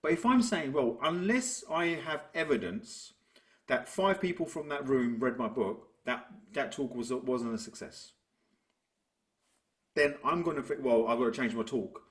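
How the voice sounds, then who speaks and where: A man, a business coach talking through ideas and telling stories in a relaxed interview. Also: mid-range voice, moderate pace. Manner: reflective, tells stories to make a point. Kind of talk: conversational interview.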